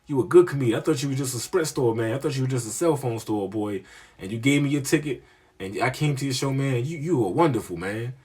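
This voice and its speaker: A man's voice: mid-range voice, lively intonation, fast talker, darkish tone, breathy edge. A man voicing a blunt older man in his sixties who scolds and repeats himself insistently. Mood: scolding. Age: 60s.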